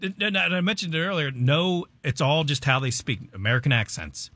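Bright, blunt male co-host. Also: fairly high pitch, expressive, dry recording. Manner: blunt, opinionated, quick to complain. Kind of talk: casual studio banter.

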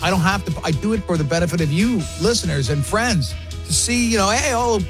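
A man's voice: sits high, lively intonation, fairly quick, soft background music. A man hosting a sports radio show, chatting casually and telling rambling, self-deprecating stories.

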